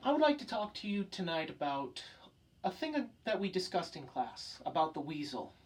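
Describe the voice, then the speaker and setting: A man's voice: high voice, big pitch swings, normal speed, recorded from a distance, poor audio. A young man giving an earnest spoken presentation to a professor, impassioned and full of rhetorical questions. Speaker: student giving a talk.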